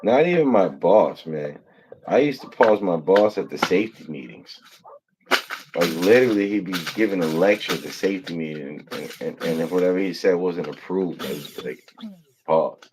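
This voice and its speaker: A man's voice: deep voice, expressive, normal speed, background noise. A man hosting a casual livestream, rambling through funny stories, swearing and laughing often. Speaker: host.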